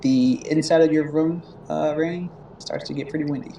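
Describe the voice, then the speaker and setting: A man running a tabletop game as game master, narrating haltingly with many fillers and frequent laughs. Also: a little high, steady tone, creaky, mellow, roomy sound, recorded from a distance, lo-fi sound, a little hiss or hum.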